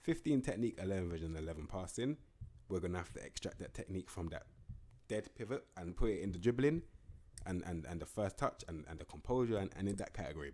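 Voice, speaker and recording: A young man giving casual, slangy, rambling commentary on a video game. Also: low-pitched. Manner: slangy, rambling, animated banter. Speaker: gaming YouTuber.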